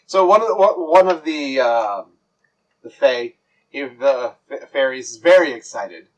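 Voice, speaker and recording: A man's voice: mid-range voice, expressive, a little slow, low-quality recording. A man narrating as game master, rambling with lots of fillers and restarts.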